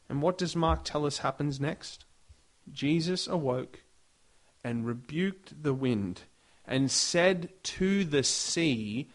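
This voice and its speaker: A man's voice: fairly high pitch, animated, a little slow. A man preaching a sermon, reading scripture aloud with dramatic emphasis. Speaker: pastor.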